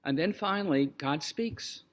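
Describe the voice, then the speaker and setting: A man's voice: a little high, unhurried, noisy background. A man, a rabbi, retells a scripture story in a loose, conversational teaching talk with plenty of fillers.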